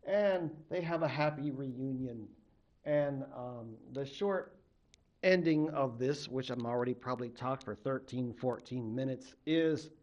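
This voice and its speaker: A man from a Native American tribe, a college literature instructor telling a legend in an animated lecture, acting out the characters. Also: medium pitch. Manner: animated, acts out the characters' voices. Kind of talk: storytelling lecture.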